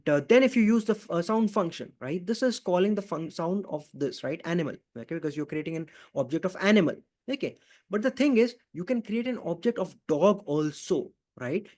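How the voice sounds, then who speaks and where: High-voiced man teaching code live. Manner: explains by asking and answering his own questions, constant "right?" and "okay?"; repeats key phrases, frequent fillers. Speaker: programming instructor. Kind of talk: live online coding lesson.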